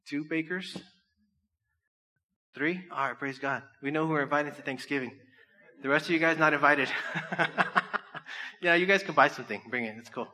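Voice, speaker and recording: A man's voice: a little high, bright, forceful tone. A man preaching a casual, joking sermon, often asking the listeners questions. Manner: conversational, jokey, asks the crowd questions. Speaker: pastor.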